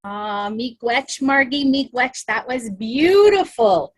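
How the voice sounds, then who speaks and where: A woman leading a children's circle time on a video call, talking gently and reassuringly with many ums. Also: on the high side, expressive, slightly rough. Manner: slow, soft-spoken and reassuring, with many ums. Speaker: early-years facilitator leading circle time. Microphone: laptop webcam on a video call.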